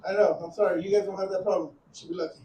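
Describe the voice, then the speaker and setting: A man in his thirties with a very high voice does a crude, rambling stand-up set. He is out of breath and laughs at his own jokes. He sounds roomy and distant in a club, with a faint hum of ambience behind him. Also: steady tone, racing, warm tone. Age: 30s. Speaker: stand-up comic. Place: comedy club stage.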